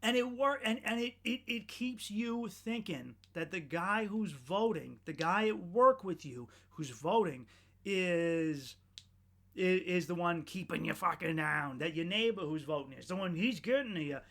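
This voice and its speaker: A man hosting a podcast, delivering a sardonic, profane comedic rant that rambles, restarts and swings between loud outbursts and muttered asides. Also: high voice, lively intonation, measured pace, creaky. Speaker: podcast host.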